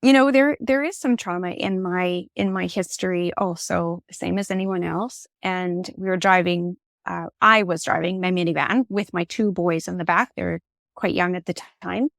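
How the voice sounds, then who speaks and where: Expressive middle-aged woman, dry close sound. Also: lowish voice, moderate pace, gravelly, no echo. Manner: animated, expressive, candid. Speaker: podcast guest. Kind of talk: conversational storytelling. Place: podcast conversation.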